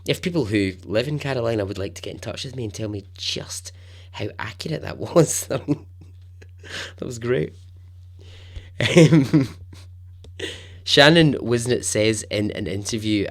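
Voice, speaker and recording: A man hosting a storytelling podcast, narrating in a chatty, animated way with asides. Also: deep voice. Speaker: podcast host.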